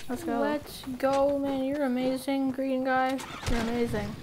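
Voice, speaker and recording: Gaming creator, woman, high voice, easygoing pace, excitable play-by-play over noisy game sound. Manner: excitable, quick exclamations. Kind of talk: playful gameplay commentary.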